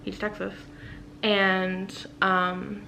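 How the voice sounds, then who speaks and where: A woman vlogger chatting loosely through a book recap. Her pitch sits in an ordinary middle range. A faint hiss runs under her voice. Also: flat delivery, extremely slow, gravelly, poor audio. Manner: rambling and enthusiastic, many fillers, with hushed asides. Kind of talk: casual book summary chat.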